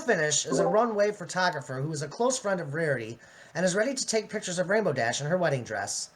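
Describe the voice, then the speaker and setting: A woman's voice: on the low side, lively intonation, fast talker, a little hiss or hum. A woman narrating a fan voice-acting dub in a casual, matter-of-fact way. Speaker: narrator and voice actor.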